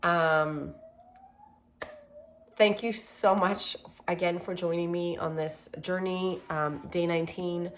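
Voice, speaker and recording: A calm woman with a slightly low voice leads a guided meditation, speaking gentle affirmations. A faint hiss sits under her voice. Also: a little slow, few pauses. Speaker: self-love workshop host.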